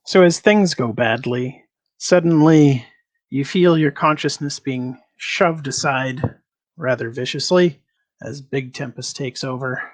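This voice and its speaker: A man narrating a tabletop game as game master in an unhurried, descriptive way. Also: mid-range voice, poor audio.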